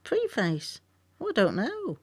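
A woman's voice: lowish voice, big pitch swings, normal speed, fairly bright tone, no echo, studio quality. A British woman co-hosting a casual chat, wry and chatty with a few mild swears. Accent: British English. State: jet-lagged. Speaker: podcast co-host.

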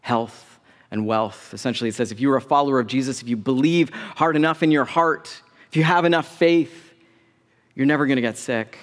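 A man's voice: mid-range voice, brisk. A man pastor preaching a sermon in a conversational way, with casual asides to the congregation. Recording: long reverb of a large hall.

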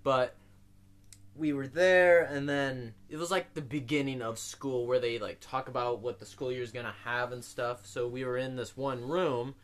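A man's voice: medium pitch, fairly even intonation, moderate pace. A young man on a podcast telling a rambling story, swearing constantly and laughing at himself. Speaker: podcast co-host. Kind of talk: casual storytelling.

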